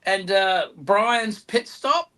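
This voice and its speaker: A man's voice: high voice, animated, very slow, over a noisy crowd. A man with an Australian accent co-hosting a live stream, reading out chat names with self-mocking asides. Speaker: co-host.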